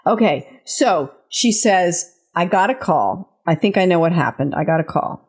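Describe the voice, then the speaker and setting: A woman hosts a casual chat in a mid-range voice that swoops up and down with a lot of expression. She reacts to her guest's story with playful jokes and quick asides. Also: fairly low pitch, animated, a little mellow, breathy edge. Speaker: host.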